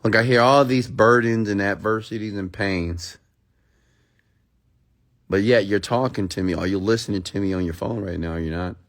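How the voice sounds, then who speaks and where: This man's voice sits on the lower side, and he speaks at a normal speed. Working as a motivational speaker, he preaches bluntly and with emphasis, peppering his audience with rhetorical questions and plenty of profanity.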